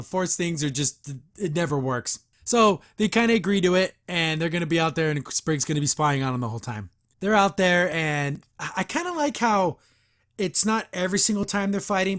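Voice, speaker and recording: A man's voice: a little high, a bit bright. A young man hosting a podcast, casually recapping and reviewing a cartoon episode in a rambling way, slipping into quoted lines and chuckling.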